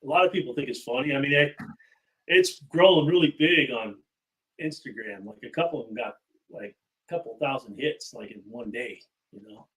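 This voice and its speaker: A man's voice: medium pitch, normal speed, a bit bright, low-quality recording. A man speaking as a guest in a casual podcast chat, easygoing and plainspoken with light humor.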